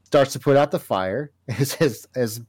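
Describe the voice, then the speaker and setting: A man co-hosting a casual comic book talk show, animated and laughing often as he reads panels aloud. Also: medium pitch, unhurried, slightly rough. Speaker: podcast co-host.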